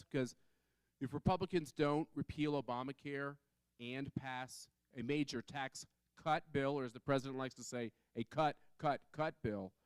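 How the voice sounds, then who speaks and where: A man's voice: medium pitch, clean tone, no room sound. A man on a conference panel telling a story in a chatty way, full of fillers and restarts. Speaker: panel speaker.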